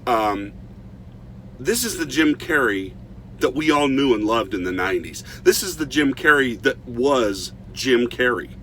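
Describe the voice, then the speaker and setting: Middle-aged male reviewer, casual and animated, stumbles and restarts often, faint noise behind. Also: medium pitch, measured pace. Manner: animated storytelling with frequent restarts. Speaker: movie reviewer.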